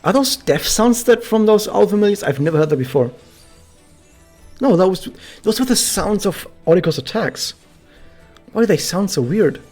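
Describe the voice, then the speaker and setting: Over soft background music, a man with a high, a little mellow voice streams a game and speaks animatedly at a normal speed. He chats casually to his viewers, explaining things with plenty of fillers.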